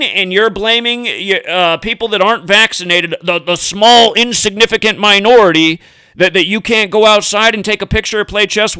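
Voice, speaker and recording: A man's voice: high voice, bright, forceful tone, clean tone, no room sound. A man from the United States hosting a video commentary, ranting in a heated, combative and profane way. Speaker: host.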